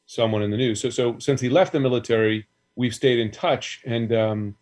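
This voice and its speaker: A man of ordinary pitch talking casually as a guest. He rambles a little, with quick asides and fillers, in a relaxed conversational tone. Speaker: guest, news anchor. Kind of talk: casual chat.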